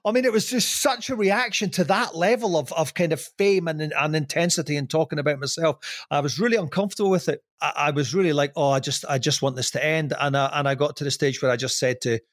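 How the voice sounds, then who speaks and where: A middle-aged Scottish man, a former TV presenter, is a guest on a casual podcast interview, talking candidly and ramblingly with self-deprecating humor and many restarts. His voice is fairly high-pitched and fast, captured in a dry, clean studio recording.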